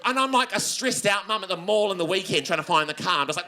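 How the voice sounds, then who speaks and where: A young New Zealand man telling a stand-up story on stage, acting out voices and swinging from high squeals to low grumbles. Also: expressive, fast, few pauses, sharp tone. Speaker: stand-up comedian. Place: comedy venue with laughing audience.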